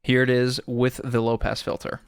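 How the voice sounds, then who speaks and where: A man's voice: medium pitch, completely flat delivery, moderate pace, creaky, slight background noise. A man giving a casual audio tutorial, explaining in a laid-back way with lots of "sort of", close to a studio microphone. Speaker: music producer explaining sound design.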